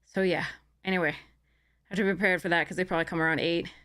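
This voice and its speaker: A woman's voice: on the low side, fairly even intonation, quick pace, a bit bright. A woman streamer chatting casually to her live audience, rambling with many fillers and restarts. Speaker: game streamer.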